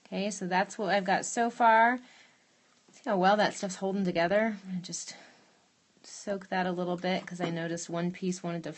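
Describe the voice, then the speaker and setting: A woman's voice: fairly low pitch, steady tone, moderate pace. Chatty woman demonstrating a craft live. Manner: chatty, thinks aloud while working. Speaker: glass artist demonstrating in a live stream. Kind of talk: casual live demo, answering viewer questions. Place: home glass studio.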